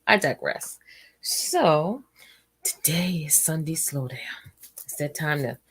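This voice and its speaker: A woman hosting a relaxed livestream at home, chatting casually with lots of fillers, tired and yawning. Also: low-pitched, takes it slowly, husky. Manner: rambling and chatty, trails off with fillers. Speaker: host of a relaxing stream.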